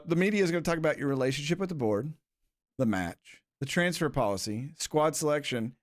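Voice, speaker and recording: A man's voice: on the high side, animated, a little fast. A man casually commenting on his football manager game on a live stream, laughing often and reading questions aloud. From England.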